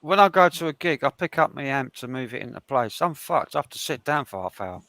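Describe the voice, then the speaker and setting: A musician, blunt and sweary in a casual chat. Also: male voice, mid-range voice, expressive, brisk, pushed and bright.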